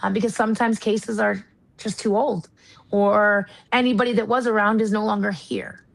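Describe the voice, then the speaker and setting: A woman's voice: mid-range voice, flat delivery, normal speed, creaky, poor audio. Earnest, candid woman guest. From United States. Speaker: guest, retired marshal and paranormal investigator. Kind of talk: casual interview talk.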